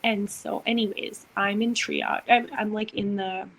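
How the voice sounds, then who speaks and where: Young woman chatting on a podcast, bit of vocal fry, acts out what people said, faint hiss behind. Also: medium pitch, measured pace, low-quality recording. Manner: animated, acts out quotes, many "like" fillers. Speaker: podcast co-host, doula. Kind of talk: casual storytelling chat.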